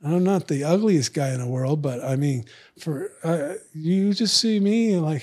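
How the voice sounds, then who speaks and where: A man's voice: a little high, lively intonation, normal speed, darkish tone, husky. A middle-aged man telling stories in casual chat, blunt and profane, acting out both sides of old arguments. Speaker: guest. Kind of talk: casual storytelling.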